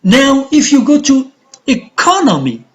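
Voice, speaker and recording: A woman with an Algerian accent teaching a recorded English pronunciation lesson, speaking deliberately and repeating words for drilling. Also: fairly low pitch, big pitch swings, highs cut off.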